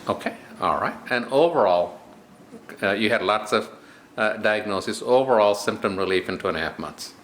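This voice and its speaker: A man's voice: on the low side, expressive, moderate pace, a bit bright, roomy sound, a little hiss or hum. A man interviewing a patient, asking short questions and answering with okay and mm-hmm. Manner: brief prompts, okay and mm-hmm. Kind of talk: casual interview.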